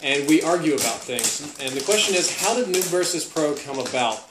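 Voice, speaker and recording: A young man answering viewer questions in casual chat to camera. He is upbeat and breaks off now and then to talk softly to his dog. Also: on the high side, animated, moderate pace, noisy background. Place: room at home. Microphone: camera held by his wife. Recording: echoey room.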